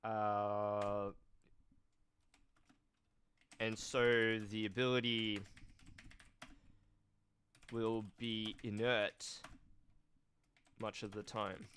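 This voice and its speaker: A male streamer with a nasal, cold-stuffed voice, chatting slowly and thoughtfully on a casual live stream. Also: on the low side, flat delivery, fairly bright tone, slight background noise. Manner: slow, thoughtful, reads chat aloud. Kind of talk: casual live-stream chat about card games.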